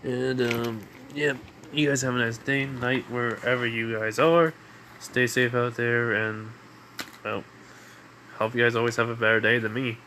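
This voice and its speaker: A man's voice: mid-range voice, fairly even intonation, a little slow, pushed and bright, slight background noise. Sleepy rambling man telling a fan story. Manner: rambling, with many fillers. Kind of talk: casual retelling of a fan story.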